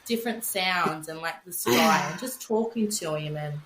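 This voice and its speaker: A young Australian woman with a slightly low voice talks candidly as a podcast guest, swearing freely and replaying her own words as she goes. Her voice sits in a roomy, echoing space with a faint hum of ambience behind it. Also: normal speed, fairly bright tone. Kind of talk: candid conversational storytelling.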